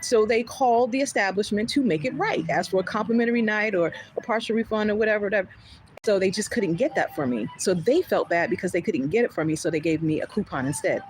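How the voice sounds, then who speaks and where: A woman on a livestream spins a casual tale at a quick pace, her voice mid-range. She animatedly reenacts who said what and laughs throughout, though the low-quality audio has slight background noise.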